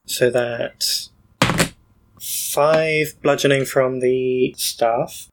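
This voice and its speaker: A man's voice: mid-range voice, steady tone, very slow, background noise. Brief: man, tabletop player, casual and matter-of-fact.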